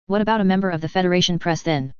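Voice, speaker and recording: A woman's voice: fairly low pitch, racing, darkish tone, smooth, no room sound, highs cut off, close to an everyday voice. A woman reading the lines of a pushy, probing press reporter. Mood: insistent. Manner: probing, insistent.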